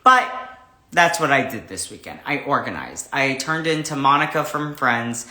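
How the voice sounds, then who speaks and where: Chatty rambling male host, bright voice. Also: mid-range voice, animated, normal speed, roomy sound. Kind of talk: casual livestream chat.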